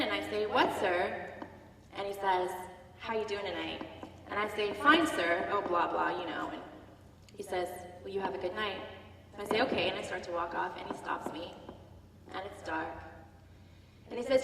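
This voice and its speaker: A woman's voice: mid-range voice, a little fast, roomy sound, big-room sound, far from the mic, a little hiss or hum. A woman, a Navy veteran, recounting her service experiences on stage with candor, sometimes acting out what others said. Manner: candid, shifting between sober recollection and animated quoting. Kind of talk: staged personal storytelling. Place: theater stage, heard from the audience.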